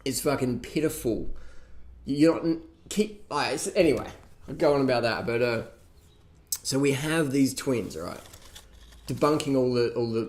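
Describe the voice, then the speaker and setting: A man's voice: a little high, darkish tone. A man ranting casually and profanely, mocking others with laughs as he reacts to a documentary. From Australia. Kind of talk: casual rant.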